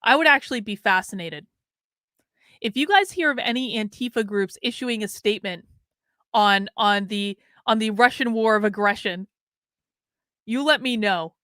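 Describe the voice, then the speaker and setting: A woman's voice: medium pitch, normal speed, sharp tone, no echo, clean studio sound. A woman hosting a political commentary livestream, reading articles and viewer comments aloud with sarcastic asides. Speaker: livestream host.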